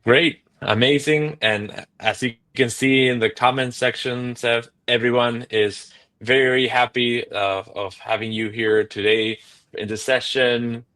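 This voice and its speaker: A man's voice: mid-range voice, steady tone, measured pace, a bit bright. A man hosting an interview show, responding with enthusiastic praise and thanks. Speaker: host. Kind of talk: interview host wrap-up.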